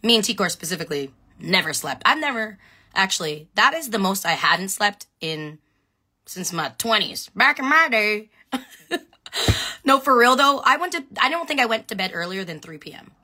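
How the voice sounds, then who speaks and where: A woman chatting excitedly on a phone live stream, answering viewer questions and shouting out fans. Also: medium pitch, normal speed. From Filipino background. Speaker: reality show contestant on a live stream.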